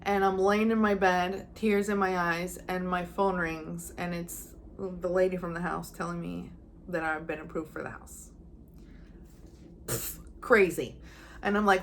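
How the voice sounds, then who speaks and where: Fairly low in pitch, at normal speed and with fairly even intonation, a young woman's voice tells a personal story. She is a psychic medium addressing viewers casually on camera, earnestly performing her own thoughts with feeling.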